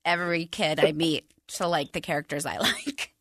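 A woman on a podcast panel chatting casually, animated and quick to laugh. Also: low voice, dry recording, studio quality. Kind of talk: casual chat.

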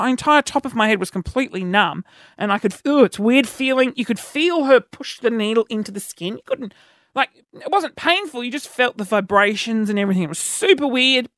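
A man hosting a podcast, telling self-mocking stories in an animated way. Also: dry recording. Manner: animated, self-mocking, jumps into shrill yelps when acting out panic. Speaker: podcast host. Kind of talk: casual storytelling monologue.

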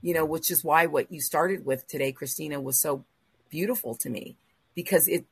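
A woman hosting a faith talk show, telling a personal story in an emotional, animated way with quoted asides. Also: low-pitched, moderate pace, gravelly, husky, dry recording. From Los Angeles area. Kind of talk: casual storytelling in a group chat.

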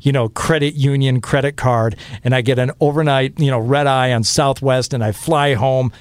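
A man's voice: medium pitch, fairly even intonation, normal speed, clear, resonant tone, no room sound. A man in his fifties from Michigan, a radio host telling stories in a rambling way with many fillers. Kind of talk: casual podcast interview.

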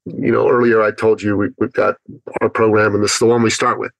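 Animated storytelling man, dry sound. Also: on the low side, fast talker, gravelly, no echo, poor audio. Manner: animated storyteller who acts out his inner thoughts. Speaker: podcast guest, business speaker. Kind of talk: storytelling in an interview.

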